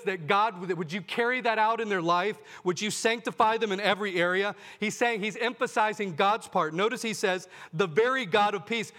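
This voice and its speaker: A man's voice: sits high, pushed and bright, in a large hall. A man preaching a sermon to his congregation, earnest, often asking them questions and calling them "folks". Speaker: pastor.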